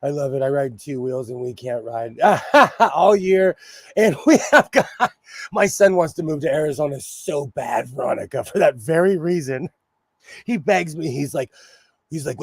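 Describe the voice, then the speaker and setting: Chatty man with a slightly hoarse voice. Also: fairly high pitch, lively intonation, moderate pace, no room sound. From Pennsylvania. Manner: chatty, laughs often, greets viewers by name. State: slightly hoarse, feeling unwell. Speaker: livestream sewing host. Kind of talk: casual live-chat while sewing.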